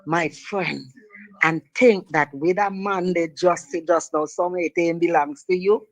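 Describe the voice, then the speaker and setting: A man's voice: fairly high pitch, fairly even intonation, unhurried, low-quality recording. Male caller, folksy, teasing, chuckles at himself. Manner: teasing, folksy, laughs at his own jokes. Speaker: radio caller. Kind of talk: casual call-in chat.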